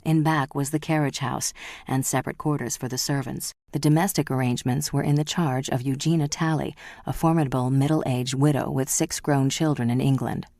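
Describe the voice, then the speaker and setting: Audiobook narrator, female, measured delivery; strikingly deep voice, dry recording. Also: steady tone, creaky, mellow, no room sound.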